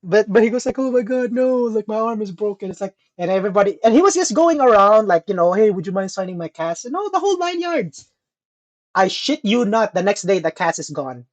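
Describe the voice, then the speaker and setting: Animated profane young man telling a story. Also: high-pitched, fairly quick. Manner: animated, profane, mimics people in quotes. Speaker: podcast co-host. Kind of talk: casual storytelling chat.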